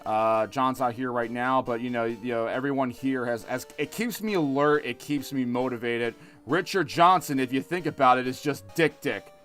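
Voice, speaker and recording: A man's voice: mid-range voice, normal speed, hardly any pauses, fairly bright tone, faint music behind. A man in his thirties streaming a game, chatting in a loose, rambling way full of restarts. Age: 30s. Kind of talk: casual let's-play chat.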